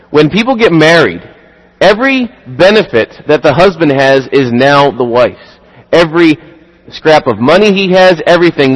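A man preaching a sermon in an earnest way, driving points home with repeated rhetorical questions. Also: on the high side. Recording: long hall reverb.

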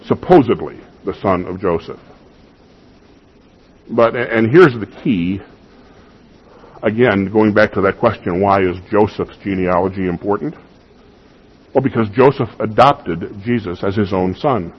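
Husky-voiced man preaching a sermon. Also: fairly low pitch, a little slow, lo-fi sound. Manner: teaching, emphatic, asks the listeners rhetorical questions. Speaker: pastor. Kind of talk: expository sermon.

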